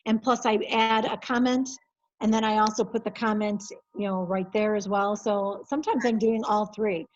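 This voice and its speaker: Practical woman giving software training. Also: medium pitch, fairly even intonation, normal speed, highs cut off. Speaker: compliance coordinator. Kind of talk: software training over video call.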